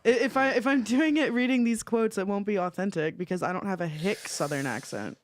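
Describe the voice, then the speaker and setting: A woman's voice: mid-range voice, a little fast, a little hiss or hum. A woman co-hosting a casual podcast, rambling and correcting herself as she talks. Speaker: podcast co-host. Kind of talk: casual chat.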